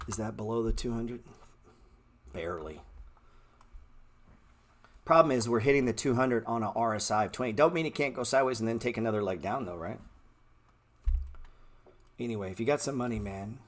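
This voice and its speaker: Blunt, slangy low-voiced trading streamer. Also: male voice, slight background noise. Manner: blunt slangy street talk, calls viewers bro; repeats words playfully. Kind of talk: live market commentary answering chat.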